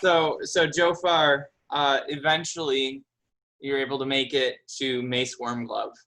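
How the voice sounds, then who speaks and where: A man narrating a tabletop game as its game master, with a bright, forward voice. He explains rules and sets scenes in a relaxed, chatty way, at an average pitch. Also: a little slow, poor audio. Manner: relaxed, conversational, slips into character voices.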